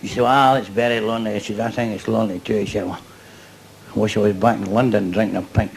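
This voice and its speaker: Cheeky older Scottish comedian, noisy recording. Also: male voice, on the low side, fairly even intonation, fast talker, creaky. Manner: chatty, cheeky, laughing at his own jokes. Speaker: stand-up comedian. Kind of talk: stand-up routine before a live audience.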